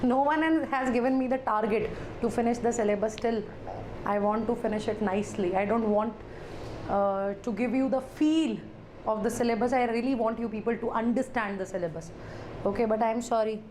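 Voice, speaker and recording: High-voiced Indian woman teacher, playful and theatrical, chatting in Hindi-laced English during a live class. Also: moderate pace, darkish tone, slight background noise.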